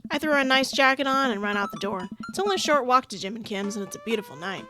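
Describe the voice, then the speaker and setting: A woman's voice: on the high side, lively intonation, fast, hardly any pauses, music in the background. A woman playing a visual novel, narrating it aloud and breaking off for wry, laughing asides. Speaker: game streamer.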